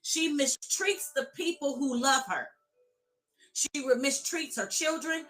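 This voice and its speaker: Woman life coach, emphatic preacher-style delivery to online viewers, bright and a touch high. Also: unhurried. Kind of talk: live-streamed motivational talk.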